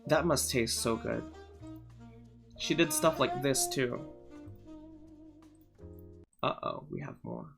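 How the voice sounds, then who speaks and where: A man's voice: mid-range voice, wildly swooping pitch, takes it slowly, vocal fry, pauses often, over music. A man streaming live, chatting casually and irreverently while reacting to clips on a studio microphone. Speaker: livestreamer.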